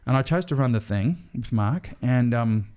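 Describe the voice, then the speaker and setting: A man's voice: medium pitch, normal speed, clean tone. A middle-aged Australian man telling stories as a podcast guest, with lots of restarts and fillers. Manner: lively storyteller with frequent restarts and fillers. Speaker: podcast guest, stage entertainer. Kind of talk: storytelling in a podcast interview.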